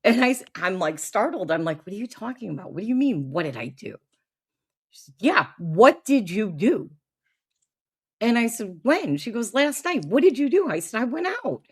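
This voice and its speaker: A woman's voice: a little high, very animated, normal speed, husky. A woman hosting a casual chat, telling a long anecdote and laughing often as she goes. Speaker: podcast host.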